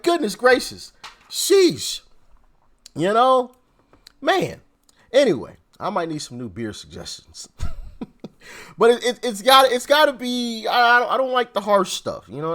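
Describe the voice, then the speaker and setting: A male commentary host reacting casually, laughing often and sounding exasperated. His voice sits slightly high and moves through a lively range. He talks in loose, informal slang.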